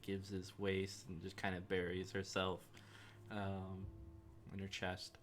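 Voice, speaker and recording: A man running a tabletop game in a lowish yet bright voice. He narrates in a loose, relaxed way, stopping often on fillers. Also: slow pace. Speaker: game master.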